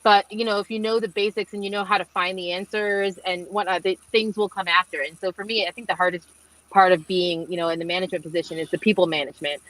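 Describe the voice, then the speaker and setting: A young woman, a marine engineer, answering webinar questions over a video call in a chatty storytelling way with lots of fillers and lively quoted dialogue. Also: fairly low pitch, fast talker, poor audio.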